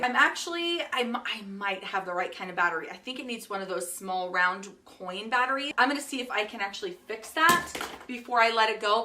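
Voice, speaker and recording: A woman in her thirties chatting casually in a home vlog, upbeat and quick to laugh, sorting through her things. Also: a little high, bright, forceful tone, distant mic. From Utah. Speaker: home organizing vlogger.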